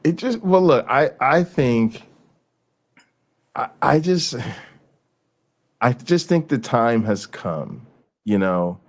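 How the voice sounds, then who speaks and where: A man hosting a casual commentary show, talking in a mocking, animated way and often repeating himself. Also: medium pitch, slow pace, long pauses. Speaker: host.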